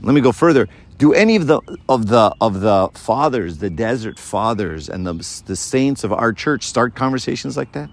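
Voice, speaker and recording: A man giving a sermon to a live audience, lively and full of rhetorical questions. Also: medium pitch, normal speed, few pauses. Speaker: preacher.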